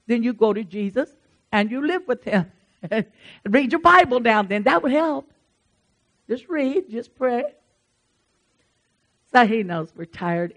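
A woman preaching a conversational sermon in an earnest, encouraging and folksy way, with asides to her congregation. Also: mid-range voice.

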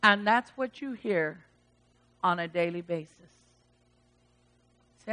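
A woman preaching a sermon, animated, swinging from loud exclamations to hushed asides and acting out the voices of the people in her text. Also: medium pitch, measured pace, long pauses. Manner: acts out quoted voices of God and Elijah.

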